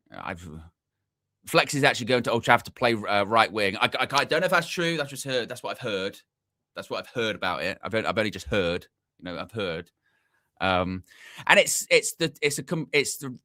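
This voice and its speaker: A man's voice: on the low side, bright, forceful tone, no room sound, studio quality. Chatty young man rambling on a live stream. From England. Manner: rambling, repeats himself, chatty asides to the chat. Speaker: football channel host. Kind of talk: casual live-stream chat.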